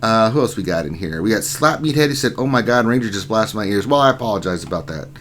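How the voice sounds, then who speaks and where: Casual livestream host greeting chat. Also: male voice, lowish voice, lively intonation, fast, fairly bright tone, slight background noise. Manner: reads chat names aloud and greets viewers.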